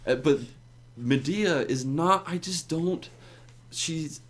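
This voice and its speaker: A man's voice: fairly high pitch, takes it slowly. A man co-hosting a movie review podcast, rambling and trailing off as he talks. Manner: rambling, trailing off mid-sentence. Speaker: podcast co-host. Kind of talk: casual movie review chat.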